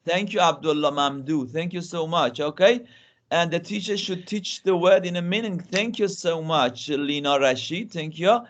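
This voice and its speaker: Man lecturing online, fairly high voice. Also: moderate pace. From Iran. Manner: interactive, often restarts and repeats words. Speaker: guest lecturer. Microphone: video call.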